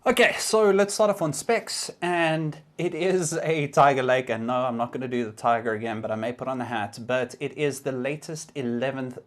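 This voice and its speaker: A man's voice: medium pitch, steady tone, moderate pace, few pauses. A young man giving a casual, explanatory tech review, occasionally restarting his sentences.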